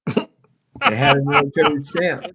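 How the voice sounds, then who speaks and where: A man's voice: on the high side, expressive, measured pace, creaky, very noisy. A man in a casual panel chat, telling army stories in a rambling, profane way with frequent restarts.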